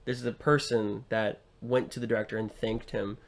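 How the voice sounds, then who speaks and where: A man's voice: fairly low pitch, level tone, moderate pace. A young man co-hosting a podcast, chatting casually about a film with many fillers and restarts. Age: young adult. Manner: rambling with frequent fillers and restarts. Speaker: podcast co-host.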